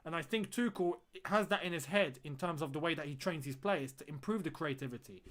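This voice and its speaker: A man's voice: on the high side, brisk, fairly bright tone. A young man hosting a live-stream watchalong, chatting to viewers, reading out their comments and often repeating phrases for emphasis. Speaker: fan channel host.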